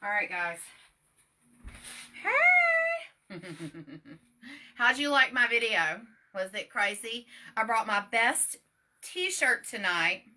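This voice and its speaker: A woman's voice: a little high, expressive, slow pace, pushed and bright, slight background noise. A woman hosting a casual livestream from her home workspace, chatty, upbeat and self-deprecating. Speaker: livestream host. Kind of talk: casual live stream chat.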